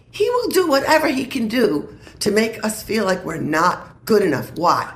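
A woman's voice: mid-range voice, big pitch swings, moderate pace, few pauses, echoey room. A woman minister sharing a prophetic word in an earnest way and laughing easily.

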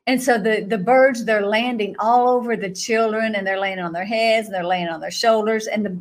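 A middle-aged woman telling a story in an animated way, laughing often and jumping to a high voice when she acts out reactions. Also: fairly quick. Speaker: guest recounting a vision.

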